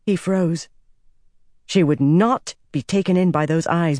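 An audiobook narrator reading a fantasy novel in a steady, even storytelling manner. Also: medium pitch, unhurried, no room sound, studio quality.

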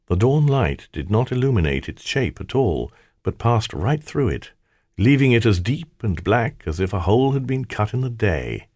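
A man's voice: lowish voice, big pitch swings, normal speed, a little mellow, breathy edge, dry recording, clean studio sound. A man reading a fantasy audiobook aloud, telling the story in the first person in a wry, theatrical way. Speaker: audiobook narrator. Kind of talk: scripted audiobook narration.

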